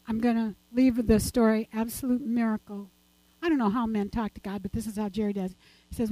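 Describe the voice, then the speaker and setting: A woman's voice: a little high, steady tone, a little fast, mellow, dry recording, low-quality recording. An older woman giving a chatty, rambling church talk and personal testimony, laughing often as she goes.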